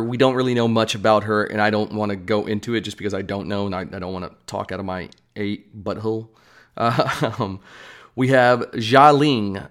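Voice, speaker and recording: A man talks through upcoming movies in a loose, rambling vlog style. He drifts into joking asides as he goes. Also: lowish voice. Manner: chatty, rambling, self-deprecating asides. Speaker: movie news vlogger. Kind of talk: casual commentary.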